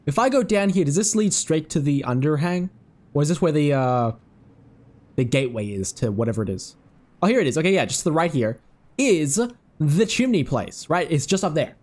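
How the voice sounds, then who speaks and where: A man giving casual, excitable commentary on his own game run, swearing freely and chatting to the creatures on screen. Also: a little high, brisk. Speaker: let's play host.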